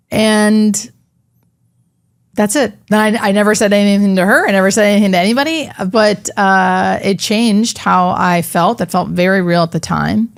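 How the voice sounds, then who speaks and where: A middle-aged woman, a hospice nurse, telling a personal story in an interview, halting and emotional, with many fillers. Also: medium pitch, steady tone, dry recording, clean studio sound.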